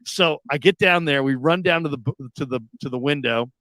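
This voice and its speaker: A talk radio host spins a long story in easy conversation, his voice sitting a little high and close to the mic in a dry, dead studio. He leans into every character, jumping up loud whenever he plays someone losing it. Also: fairly quick, no room sound. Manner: animated, acts out quoted people with sudden loud high outbursts. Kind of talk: casual storytelling chat.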